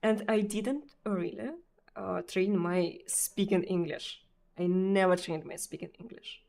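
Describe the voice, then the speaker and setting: Halting Russian-accented woman streamer, slightly gravelly. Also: medium pitch, steady tone, a little mellow. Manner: hesitant, halting, with frequent pauses and restarts; laughs often between sentences. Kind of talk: casual live-stream chat.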